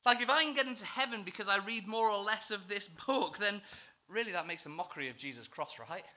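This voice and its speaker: A man's voice: high-pitched, a little fast, bright, forceful tone. A male church minister preaching a sermon in an earnest, emphatic, self-deprecating way.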